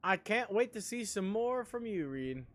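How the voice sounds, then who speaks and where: A man's voice: high voice, big pitch swings, normal speed, fairly bright tone. A man streaming a game live, rambling casually and talking with his chat in a self-deprecating way.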